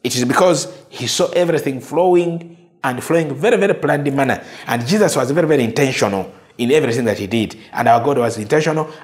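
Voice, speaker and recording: A male preacher delivers a sermon at a measured, emphatic pace. His voice sits at an ordinary middle pitch, and he leans on repetition, pausing to drop softly into quoted lines.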